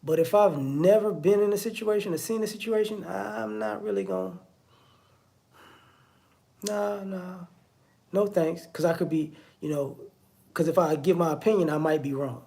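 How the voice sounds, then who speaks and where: Speaking briskly in a fairly high, dark-toned voice, an online commentator gives a casual monologue. He sounds conversational, repeats himself, and leans on the phrase "you know what I'm saying."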